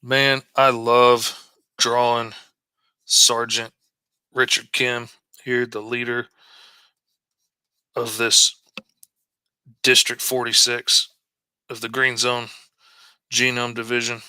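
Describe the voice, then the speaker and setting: A man's voice: mid-range voice, level tone, slow pace, pauses often, sharp tone, smooth, dry recording. A middle-aged man, telling a folksy story as he draws. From Arkansas. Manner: folksy and chatty, drawls out stories. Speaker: comic artist streaming while drawing. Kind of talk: casual storytelling while drawing.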